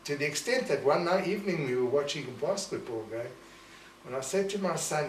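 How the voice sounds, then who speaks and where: In an oral history interview, an older man from Rhodesia reflectively tells family stories, acting out what relatives said. His voice is fairly high, animated, and brisk. The recording has a roomy echo, a distant mic, and faint noise.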